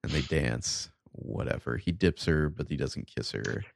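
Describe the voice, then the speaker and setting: A man's voice: rumbling low, unhurried, creaky, no echo, clean studio sound. A man co-hosting a podcast, recapping a TV episode in a sardonic, profane casual chat. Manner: sardonic, profane, reads quoted dialogue flatly.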